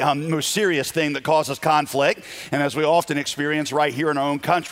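Upbeat pastor preaching, slightly high voice. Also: male voice. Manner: energetic, humorous, frequent fillers. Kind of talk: sermon. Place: church sanctuary.

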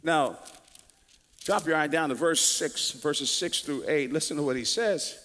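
A male preacher giving an emphatic, animated sermon, swinging between quiet and loud and often repeating words. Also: fairly high pitch, a little slow, a little hiss or hum. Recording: long reverb of a large hall.

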